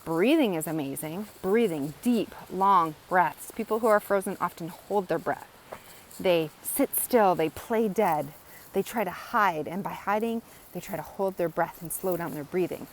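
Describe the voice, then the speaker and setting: A woman's voice: lowish voice, unhurried, slight background noise, rough recording. A woman educator explaining in a casual, earnest teaching monologue, often repeating phrases and checking in with "right?". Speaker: wellness educator.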